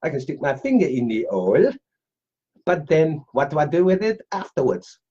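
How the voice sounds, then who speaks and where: Comic put-on: a man doing a goofy French-accented character with a bouncy, husky voice. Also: a little high, very animated, normal speed, warm tone, lo-fi sound, voice pushed up. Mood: hammy. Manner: hammy, playful.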